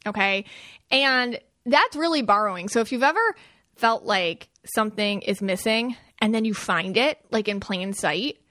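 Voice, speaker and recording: A woman hosting a podcast, chatting casually and animatedly, breaking into bright asides and laughter. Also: medium pitch, normal speed, no echo, clean studio sound. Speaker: podcast host. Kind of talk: casual chat about spirit contact.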